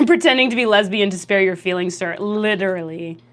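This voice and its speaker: A young adult woman livestreaming at home into a desk mic, chatting casually and reacting to chat comments in a lively, jokey way. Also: fairly quick. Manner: lively, jokey, reacts to chat with laughs and big pitch jumps. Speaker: streamer.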